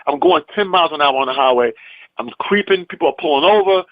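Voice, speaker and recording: Animated man telling a story with swooping pitch. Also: fast talker, no echo, phone-quality sound. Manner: lively, emphatic, acts out the people in his stories. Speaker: comedian and actor guest.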